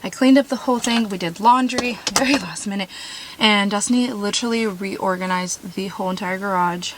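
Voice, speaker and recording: A woman's voice: mid-range voice, fairly quick, a bit bright. A woman vlogging about van life in casual chat, bubbly and gushing, rambling with fillers. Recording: noisy handheld recording.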